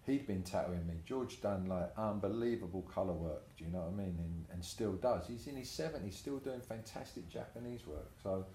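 Deep-voiced older man, roomy echo. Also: brisk, hardly any pauses, slight background noise. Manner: swears freely, animated anecdotes with acted-out quotes. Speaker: tattoo artist guest. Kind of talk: casual storytelling interview. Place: room in his tattoo shop. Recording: roomy echoey room.

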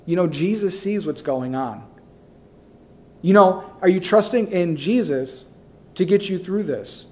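A male pastor delivers a sermon in a fairly high voice. He drives his points home by repeating them, dropping into quiet low asides before rising into loud calls. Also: animated, measured pace. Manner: emphatic, repeats key phrases.

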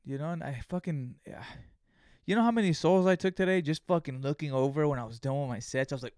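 Solo podcast host, young male, profane and animated, resonant voice, dry booth. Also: fairly high pitch, fast talker, smooth, dry recording. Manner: profane, animated storytelling, acts out his own inner voice.

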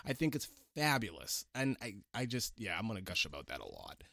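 A man's voice: fairly low pitch, wildly swooping pitch, brisk, creaky, fairly bright tone. A man hosting a casual movie review chat, enthusiastic and gushing, often stammering as he restarts his sentences. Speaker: podcast host.

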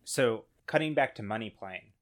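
A man with a fairly low voice co-hosts a comedy podcast. He talks in a laid-back way and keeps filling his lines with ums and likes. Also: expressive, normal speed. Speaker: podcast co-host. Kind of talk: comedic casual chat.

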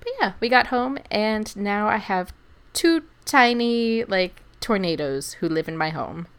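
A woman's voice: medium pitch, unhurried, slight background noise. A woman telling a long story in a casual chat and acting out what people said. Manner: animated storyteller, acts out quotes, laughs often. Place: lives in Germany.

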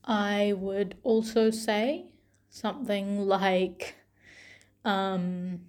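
A young woman talking gently and tenderly to her younger self, with pauses and soft laughs. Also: mid-range voice, fairly even intonation. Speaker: vlogger.

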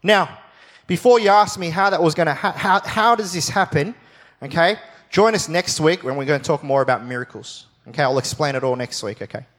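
A man with a high voice teaches a sermon, leaning into the story and dropping playful asides. He repeats key phrases for emphasis. His voice rings out with a long reverb, as in a church hall. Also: brisk. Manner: animated storytelling with jokey asides.

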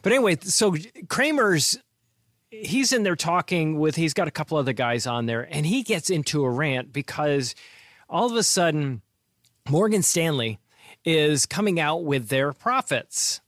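A man's voice: on the high side, expressive, unhurried, fairly bright tone, no room sound, studio quality. A man hosting a finance podcast, chatting casually and laughing often as he retells stories. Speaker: podcast host.

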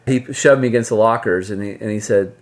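A man's voice: fairly low pitch, fairly quick. Man spinning a funny anecdote. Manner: humorous, self-deprecating. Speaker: storyteller on a podcast. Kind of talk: casual storytelling.

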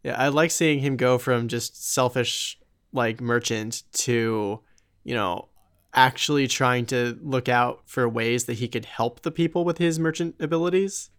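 Brief: male podcast co-host, smooth clear voice, laid-back game chat. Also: mid-range voice, measured pace. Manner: relaxed, agreeable, thinks aloud with restarts. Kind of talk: casual video game discussion.

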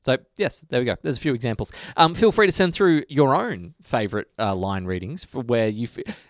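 An Australian man hosts a casual podcast chat, reading listener mail between chatty asides and slipping into quick impressions. His mid-range voice swings widely in pitch, captured in clean studio sound with no echo.

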